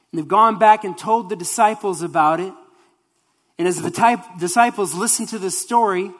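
Animated preacher in a ringing hall. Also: medium pitch. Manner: animated storytelling with acted quotes. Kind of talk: sermon. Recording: long hall reverb.

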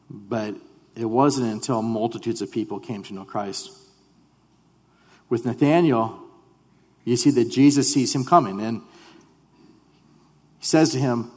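A man's voice: mid-range voice, darkish tone. Earnest male pastor in a reverberant hall. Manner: earnest, conversational preaching with many restarts. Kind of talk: sermon. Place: church sanctuary.

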